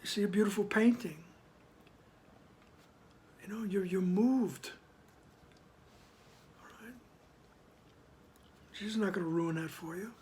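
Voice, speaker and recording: Man, spiritual reading with commentary; hushed, near-whispered asides, slow deliberate delivery. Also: high-pitched, a little hiss or hum. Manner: soft-spoken, often sinks to a whisper; slow, emphatic reading of passages. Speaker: spiritual text reader and teacher. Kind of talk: reading aloud with reflective commentary.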